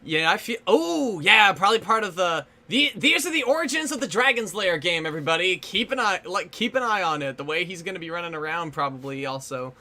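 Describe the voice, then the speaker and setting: A man's voice: sits high, expressive, brisk, few pauses, sharp tone. A man hosting a casual movie commentary, chatty and playful, laughing often. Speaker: commentary host.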